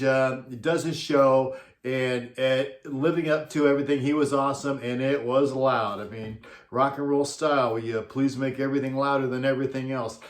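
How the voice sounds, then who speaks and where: A man who worked as a concert monitor engineer, telling a casual, chuckling anecdote in a laid-back way. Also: medium pitch. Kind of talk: casual storytelling. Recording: roomy echo.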